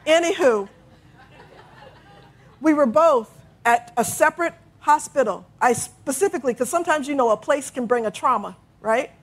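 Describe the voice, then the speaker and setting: Middle-aged lady preacher, kinda high voice, leads the room in affirmations, laughs a lot. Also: normal speed. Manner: expressive preaching, leads call-and-response affirmations, laughs often. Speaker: minister. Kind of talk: sermon.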